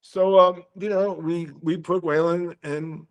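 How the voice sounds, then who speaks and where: A man, telling animated stories as a podcast guest, acting out voices and swearing freely. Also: high voice, slow. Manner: animated storyteller, acts out quotes, swears freely. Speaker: guest musician. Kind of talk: casual storytelling interview.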